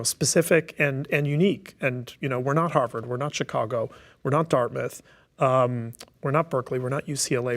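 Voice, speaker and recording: A man talking on a webinar as a task force member, thoughtful and explanatory, with many fillers and restarts. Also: medium pitch. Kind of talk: webinar discussion. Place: online webinar.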